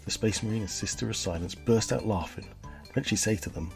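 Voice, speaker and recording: Deep-voiced man hosting a comedy podcast. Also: fast talker, creaky, darkish tone, faint music behind. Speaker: podcast host.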